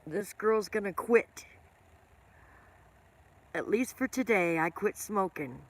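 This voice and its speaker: A woman's voice: mid-range voice, slow. A middle-aged woman chatting casually with viewers on her livestream, rambling from story to story and greeting people by name. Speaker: livestream host.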